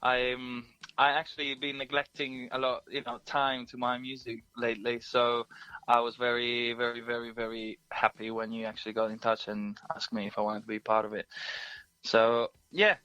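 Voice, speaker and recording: Bright, cheerful male guest. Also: mid-range voice, monotone, moderate pace, clear, resonant tone, no echo, lo-fi sound. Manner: cheerful, laughs easily. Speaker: guest musician. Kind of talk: casual interview chat.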